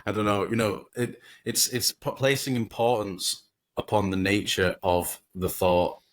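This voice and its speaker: A man's voice: fairly low pitch, fairly even intonation, a little slow, dry recording. A man, a podcast guest, talking casually and at length, swearing freely and acting out inner voices as he goes.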